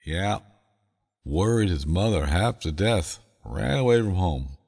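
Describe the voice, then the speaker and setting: A stern father speaks in a dry, matter-of-fact tone, put on by a man. The voice sits higher than the narrator's own very deep, husky one. A long reverb trails each phrase. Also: lively intonation, measured pace, a little mellow, heavily acted. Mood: deadpan. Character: stern father pretending to leave his son.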